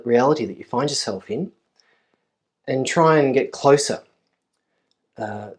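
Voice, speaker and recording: A man giving a conference lecture at a university, thoughtful and measured, often pausing with ums and repeating key phrases for emphasis. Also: medium pitch, darkish tone. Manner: thoughtful, with frequent ums and uhs.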